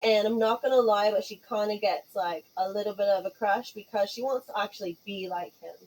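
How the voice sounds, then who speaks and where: Female player, excited casual talk, swears freely. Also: medium pitch, fairly quick, slight background noise, rough recording. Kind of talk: casual chat in a tabletop game.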